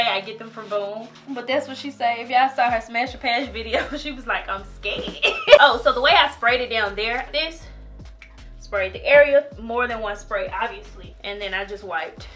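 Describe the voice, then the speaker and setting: A woman talking casually in a home vlog, dramatic and laughing, often crying out that she is scared. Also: a little high. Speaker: vlogger.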